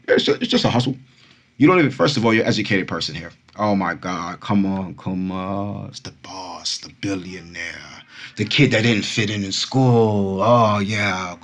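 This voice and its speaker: A man from Brooklyn, hosting a casual crypto vlog and talking animatedly to his followers. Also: lowish voice. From Brooklyn, New York. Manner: animated, repetitive, keeps addressing fans as Kumas. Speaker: crypto channel host.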